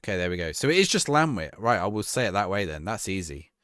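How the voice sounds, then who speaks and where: Young man, live game streamer, lively pitch, dry close sound, rambling chat. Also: fast talker, smooth, no room sound. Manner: chatty, rambling, laughs easily. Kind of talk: casual gameplay commentary, reading chat.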